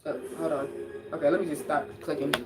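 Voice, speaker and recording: A woman's voice: deep voice, little pitch movement, quick pace. A sick woman hosting a casual livestream at home, chatting and answering viewers' comments aloud. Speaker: livestream host. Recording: echoey room, far from mic, music playing.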